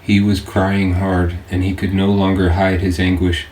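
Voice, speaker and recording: A man reading his own audiobook aloud, with earnest, measured scripted narration. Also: deep voice, completely flat delivery, a little mellow. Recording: roomy distant-mic home recording with faint hiss.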